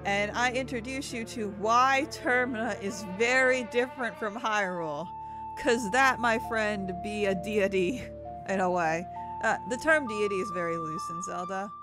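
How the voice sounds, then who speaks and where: A woman's voice: mid-range voice, normal speed. A woman giving casual, joking let's-play commentary over a video game, swearing freely. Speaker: gaming commentator. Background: video game music.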